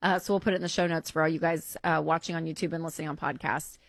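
A woman's voice: deep voice, fairly even intonation, racing, no room sound. A woman co-hosting a call-in advice show, speaking in an upbeat, reassuring way. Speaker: radio show co-host.

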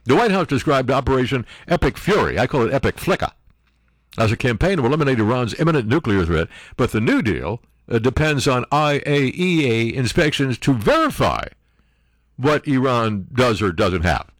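A man's voice: medium pitch, big pitch swings, moderate pace, no room sound, clean studio sound. Sarcastic older man mocking the news. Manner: mocking, acts out silly voices for quoted people. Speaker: political commentary host.

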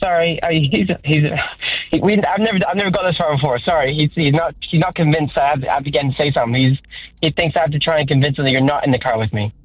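A man's voice: a little high, fast, no room sound, lightly acted, rough recording. A man playing a flustered radio caller who rambles.

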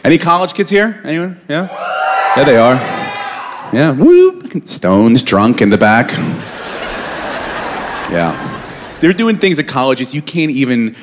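A man's voice: medium pitch, sing-song, measured pace, pauses often, background noise. A man doing a stand-up routine on stage, blunt and emphatic, talking to the crowd. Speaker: stand-up comedian. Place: live comedy venue, large hall. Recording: long hall reverb, faint ambience.

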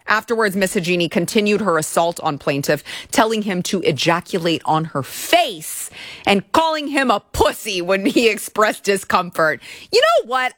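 A woman's voice: medium pitch, big pitch swings, moderate pace, a bit bright, no room sound, clean studio sound. A woman hosting a show, reading out and commenting on a court filing in a wry, incredulous way. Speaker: host.

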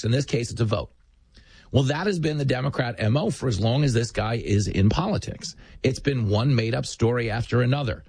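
A man's voice: mid-range voice, a little fast, darkish tone, breathy edge, no echo. A man hosting a talk show, delivering an emphatic, sardonic political monologue into a studio microphone.

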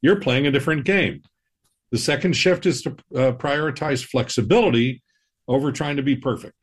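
A man hosting a money podcast, explaining personal finance in a measured, reassuring way. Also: mid-range voice, husky. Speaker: financial advisor, podcast host. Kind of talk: scripted personal-finance talk.

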